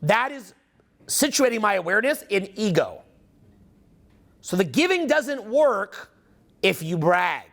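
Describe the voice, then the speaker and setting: Lively, gravelly man coaching a crowd. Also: high-pitched, a little slow, long pauses. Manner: profane, emphatic, quizzes the audience. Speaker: social skills coach. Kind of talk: live seminar talk to an audience. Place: seminar room with an audience.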